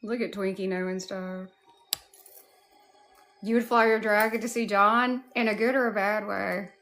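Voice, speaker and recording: A woman's voice: mid-range voice, steady tone, unhurried, soft background music. A woman with a Southern US accent hosting a casual livestream, greeting chatters by name. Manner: warm greetings to chat, drawling. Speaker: livestream host. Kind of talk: casual live chat.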